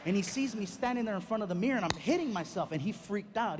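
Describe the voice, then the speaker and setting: A male stand-up comedian telling a story in an animated way and acting out each exchange. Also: sits high, quick pace, noisy background. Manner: animated, acts out every exchange.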